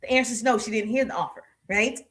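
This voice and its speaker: High-pitched woman coaching sales on a live, keeps repeating stuff and asking the chat questions. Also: quick pace, a bit bright. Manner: emphatic, repeats key lines, asks the audience questions.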